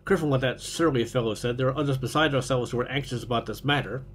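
A man voicing a calm, clever male detective who speaks blandly and knowingly, in a storybook reading. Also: mid-range voice, quick pace, natural voice.

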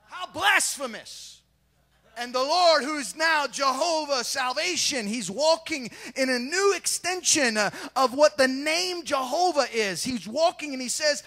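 A male pastor preaching a sermon in a church, swinging between quieter asides and shouted, sing-song peaks. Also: very high-pitched, animated, measured pace. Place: church sanctuary.

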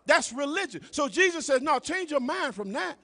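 A man preaching a sermon to a congregation, calling out to them over and over and dropping to low murmurs between emphatic lines. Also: big pitch swings, normal speed, bright, forceful tone. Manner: calls and responses to the congregation, repetitive "y'all". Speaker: pastor. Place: church sanctuary. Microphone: live stream. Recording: long hall reverb.

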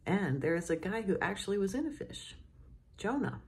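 A woman's voice: mid-range voice, big pitch swings, moderate pace, a little mellow. A middle-aged woman, a cathedral dean, giving a morning devotion in a chatty storytelling manner and closing with a prayer. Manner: chatty storytelling, often chuckling.

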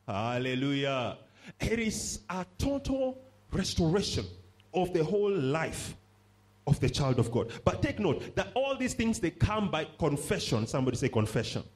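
A man's voice: a little high, sing-song, moderate pace. A man preaching a sermon, stressing points by repeating phrases and calling on the congregation to respond.

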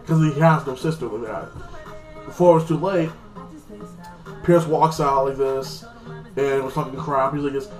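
A man's voice: medium pitch, fairly even intonation, normal speed, pauses often, a little mellow, echoey room, faint music behind, poor audio. A man giving a casual, rambling episode recap, swearing often and leaning on fillers. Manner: rambling, profane, lots of fillers. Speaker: TV show reviewer.

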